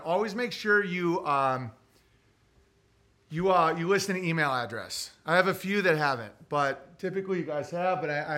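A man's voice: a little high, bright, forceful tone. A man hosting a livestream, reading viewer messages in a rambling, profane, casual way. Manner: rambling, profane, talks to his dog. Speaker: livestream host reading super chats.

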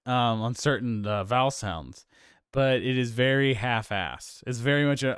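A man's voice: medium pitch, normal speed, a bit bright, smooth, no echo, clean studio sound. A man hosting a casual film discussion podcast, rambling with lots of fillers and restarts. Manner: rambling, many fillers and restarts, laughs easily. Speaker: podcast host.

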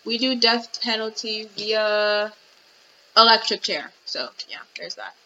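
This young woman's voice is mid-range with a sharp tone, and she takes it slowly. Hosting a casual commentary podcast from home, she rambles with frequent restarts and fillers, captured in dull lo-fi audio with faint noise.

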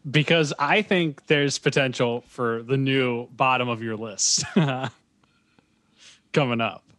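A man's voice: mid-range voice, slow pace, a bit bright. A man in his thirties co-hosting a casual podcast, laid-back and hesitant. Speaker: podcast co-host. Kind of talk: casual chat.

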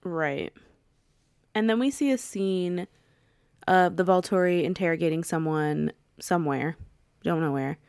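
A young woman co-hosting a podcast in casual chat, chatty and quick to laugh, with playful quoted asides. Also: lowish voice, a little mellow, clean tone, dry recording, studio quality. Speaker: podcast co-host.

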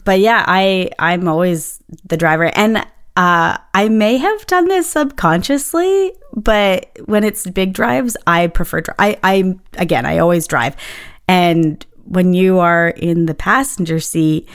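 A woman's voice: lowish voice, unhurried, clear, resonant tone. A young adult woman co-hosting a podcast, telling stories in casual chat with frequent laughs. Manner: chatty storyteller, laughs often. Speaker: podcast co-host.

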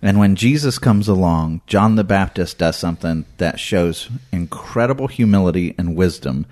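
A man's voice: sits low, moderate pace, a little mellow. A man who is a pastor, talking earnestly and with emphasis in a casual podcast discussion.

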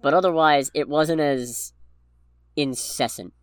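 A man's voice: a little high, a little slow, smooth, no echo. Man on a dry mic, casual podcast chat. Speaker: podcast co-host. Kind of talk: casual movie review chat.

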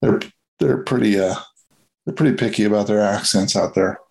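Creaky-voiced man rambling through a review. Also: lowish voice, moderate pace, a little mellow, poor audio. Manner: rambling, hesitant, with many fillers and restarts. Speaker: podcast movie reviewer. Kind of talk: casual review chat.

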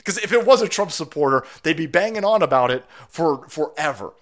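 A man's voice: a little high, animated, fairly quick, fairly bright tone. A man hosting a livestream, delivering a profane, sarcastic political rant. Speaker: livestream host. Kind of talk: ranting political commentary.

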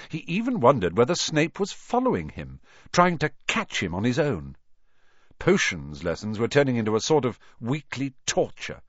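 A man reading a storybook aloud as narrator, in an expressive, animated way. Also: mid-range voice, dry recording, dull audio. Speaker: audiobook reader.

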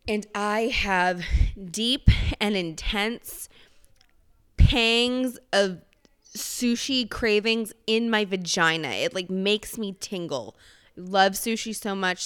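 A woman's voice: mid-range voice, a bit bright, clear, resonant tone, no room sound, studio quality. A woman hosting a podcast, chatting casually and telling a rambling, profane story. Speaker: podcast host. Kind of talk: casual chat.

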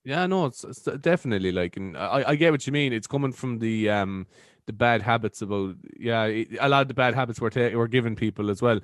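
A young man with an Irish accent talks casually on a podcast, relaxed and chatty, dropping easy curses as he goes. His voice sits at an ordinary pitch and the sound is dry and close, with no room around it. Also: fairly quick, no room sound. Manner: laid-back, chatty, swears and laughs often. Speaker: podcast guest. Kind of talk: casual chat.

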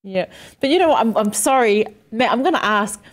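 A woman's voice: on the high side, expressive, brisk. A woman co-hosting a podcast, chatting casually with lots of ums and apologies. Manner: apologetic, rambling with many ums and laughs. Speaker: podcast co-host. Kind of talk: casual chat.

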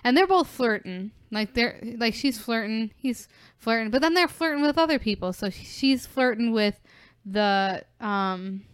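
A woman's voice: on the high side, lively intonation, a little slow, smooth, no room sound. A young woman co-hosting a podcast, casually recapping a film with lots of fillers. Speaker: podcast co-host.

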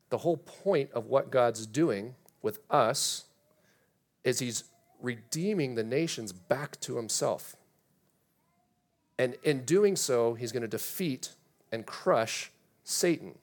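A man preaching a sermon in a church, reading scripture aloud and asking his congregation rhetorical questions. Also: mid-range voice. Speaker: pastor.

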